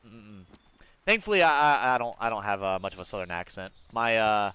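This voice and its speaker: A man from Georgia streaming a game, chatting loosely with viewers in a rambling, profane way with sudden excited jumps in pitch. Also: brisk, clear, resonant tone, dry recording. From Georgia, USA. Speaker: gaming streamer. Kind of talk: casual live-stream chat while gaming.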